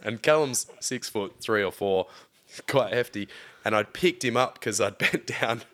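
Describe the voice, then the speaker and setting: A young man on a podcast, telling a story casually, swearing freely and getting animated. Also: lowish voice, unhurried. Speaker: podcast co-host. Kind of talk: casual chat.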